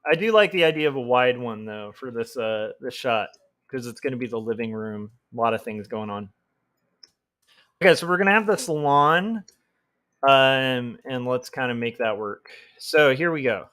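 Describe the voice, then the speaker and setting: A man who is a comic artist, chatting casually on a livestream while he draws, thinking out loud with lots of fillers and restarts. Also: medium pitch, expressive, moderate pace. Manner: thinking aloud, rambling with fillers. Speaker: comic artist streaming his work.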